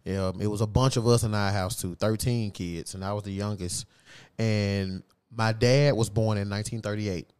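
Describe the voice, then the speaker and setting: A man who is a teacher, talking calmly as a guest in a casual conversation. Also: on the low side, moderate pace, smooth.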